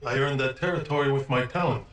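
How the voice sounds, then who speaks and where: An actor playing a brash, hot-headed young mobster who talks tough and pushy, in a film drama. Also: male voice, medium pitch, fast talker, fairly bright tone, natural voice. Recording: roomy film soundtrack with faint score.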